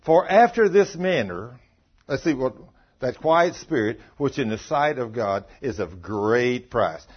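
A man's voice: medium pitch, measured pace, husky. A man preaching a sermon, telling a story with acted-out dialogue and quoting scripture. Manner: animated, acts out dialogue, quotes scripture. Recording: dull lo-fi sound.

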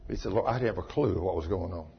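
A man preaching a sermon, telling a long story. He swings from ecstatic shouts down to a low, chatty retelling. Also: fast. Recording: dull lo-fi recording.

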